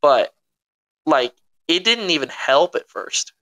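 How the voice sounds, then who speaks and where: A young man co-hosting a podcast, retelling events in a dramatic, animated way. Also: on the high side, slow. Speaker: podcast co-host. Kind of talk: casual chat.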